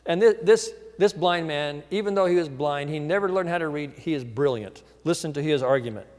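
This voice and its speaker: A male pastor preaching a sermon, telling the story lively and acting out the people in it. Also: a little high, fairly quick, long reverb tail. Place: church.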